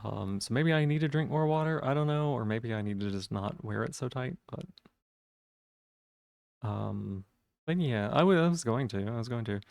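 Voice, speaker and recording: A man's voice: medium pitch, moderate pace, gravelly, darkish tone, no echo, studio quality. A man chatting casually on a live stream, rambling with lots of fillers and restarts.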